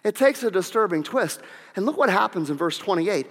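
High, bright-voiced preaching man. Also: fairly quick. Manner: animated preaching with shouted peaks and whoops. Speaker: pastor. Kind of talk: sermon. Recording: long reverb of a large hall.

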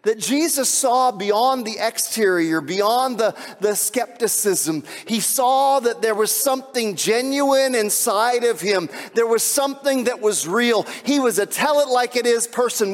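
High-voiced preacher in a reverberant hall. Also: male voice, moderate pace. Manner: emphatic preaching that swings from hushed to shouting. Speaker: pastor. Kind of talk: sermon.

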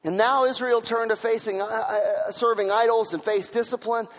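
A man with a notably high voice delivers a sermon, driving his points home through repetition. His words ring out with a long reverb, as if he stands in a large church hall. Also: fairly even intonation, moderate pace. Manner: repetitive, emphatic preaching, building to shouts. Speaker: pastor.

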